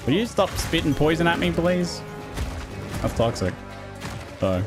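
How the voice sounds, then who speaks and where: A man streaming a video game live, reacting excitedly to the action, yelping and laughing, and chatting directly to his viewers. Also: on the high side. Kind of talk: live gameplay commentary. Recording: game music under the voice. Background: game music.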